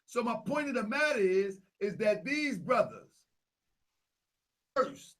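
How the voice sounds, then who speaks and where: High, bright-voiced young man talking excitedly. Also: slow pace. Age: young adult. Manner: repetitive, animated, talks louder as he gets worked up. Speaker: Grand Sheik and channel host. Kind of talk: casual live vlog showing photos.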